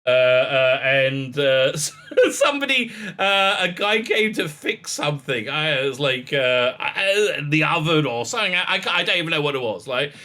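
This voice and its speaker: A man's voice: a little high, sing-song, normal speed, sharp tone. A middle-aged man hosting a casual commentary, reading an article aloud and rambling with many fillers, restarts and laughs. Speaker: commentary host.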